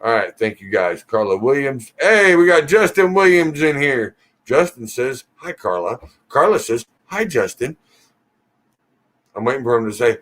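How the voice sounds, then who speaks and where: Joking truck-talk livestream host. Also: male voice, mid-range voice, sing-song, normal speed, fairly bright tone. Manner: joking, teasing, reads comments aloud. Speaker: livestream host reading viewer comments. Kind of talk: casual live Q&A chat.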